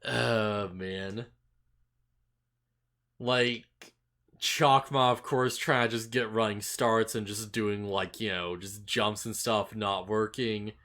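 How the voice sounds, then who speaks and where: A man co-hosting a casual anime recap podcast, chatty, full of "like" and quick laughs. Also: fairly low pitch. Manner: laughs often, filler-heavy, animated retelling. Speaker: podcast co-host.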